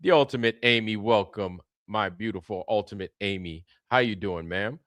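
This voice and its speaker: A man's voice: on the low side, moderate pace, a bit bright, no room sound. A man hosting a casual livestream, greeting viewers by name in a loose, repetitive way with plenty of slang. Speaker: livestream host.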